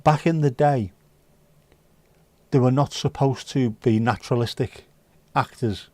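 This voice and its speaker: A man's voice: mid-range voice, unhurried, warm tone, no echo. A man hosting a livestream, reading viewer comments aloud with sweary, jokey banter. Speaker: livestream host. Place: indoors.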